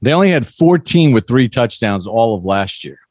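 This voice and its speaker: A man hosting a sports podcast, talking stats in a casual, animated way. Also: medium pitch, normal speed, dry recording, studio quality. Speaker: podcast host.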